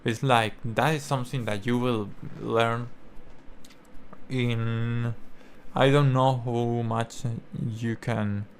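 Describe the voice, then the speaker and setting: Slow, halting Spanish-speaking man. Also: mid-range voice, steady tone, slight background noise. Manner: halting, many fillers and restarts, non-native phrasing. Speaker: language learning YouTuber. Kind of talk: casual explanatory talk.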